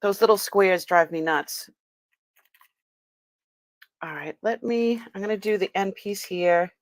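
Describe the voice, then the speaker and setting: A woman's voice: mid-range voice, unhurried, dry recording. A woman hosting a live-stream sale, chatting as she unboxes and tests items, exclaiming often and laughing as she goes.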